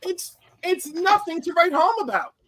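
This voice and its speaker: A man chatting casually on a panel, telling lively stories and acting out what people said. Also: very high voice, measured pace, dry recording. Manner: animated storyteller, acts out quoted voices. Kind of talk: casual chat.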